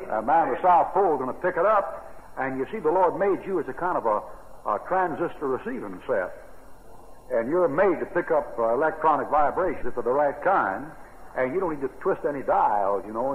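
A man's voice: medium pitch, a little hiss or hum. An older American man preaching a sermon on Bible verses in a folksy, rambling way. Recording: tinny old radio broadcast with long reverb.

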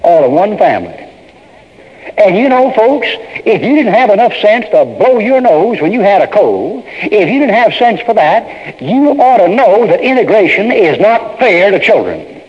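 A man's voice: sits high, big pitch swings, measured pace. A man preaching a sermon in an emphatic, folksy way, speaking straight to the congregation. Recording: dull lo-fi sermon tape in a reverberant hall.

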